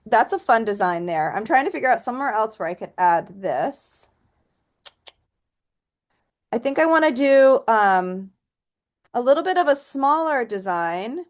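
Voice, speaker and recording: A fairly high-voiced woman leads a relaxed painting lesson in an easy, chatty tone. She thinks aloud as she works and drops to a soft count while stamping. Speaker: painting instructor. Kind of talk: relaxed step-by-step art tutorial.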